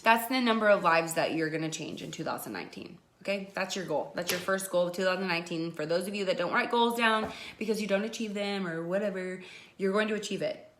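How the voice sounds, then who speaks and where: A young woman giving an energetic, emphatic motivational pep talk to her sales team, repeating her points for emphasis. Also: medium pitch, fast, slight background noise. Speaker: direct-sales team leader.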